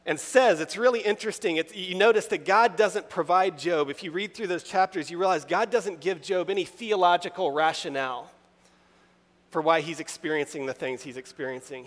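A man preaching a sermon, reading scripture aloud with rising emphasis and speaking in an animated, conversational way. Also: high voice, fairly quick. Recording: long reverb of a large hall.

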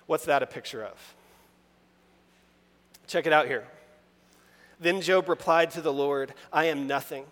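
A man preaching a sermon, reading scripture aloud with rising emphasis and speaking in an animated, conversational way. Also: fairly high pitch, unhurried, long pauses. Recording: long reverb of a large hall.

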